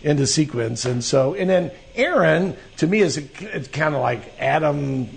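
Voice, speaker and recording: Older guy host on local radio, gravelly kinda high voice, rambles and restarts a lot. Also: expressive, normal speed. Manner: rambling, self-interrupting. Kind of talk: casual radio talk show chat.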